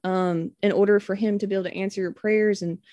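A woman's voice: mid-range voice, steady tone, quick pace, mellow, no echo. A young woman giving a personal testimony to a church group, rambling with many fillers and acting out quoted lines.

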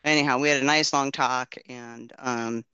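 A man's voice: mid-range voice, steady tone, normal speed, bright, forceful tone, smooth, no room sound, dull audio. A man casually sharing a testimony and praying, telling his story in an earnest, rambling way with many restarts.

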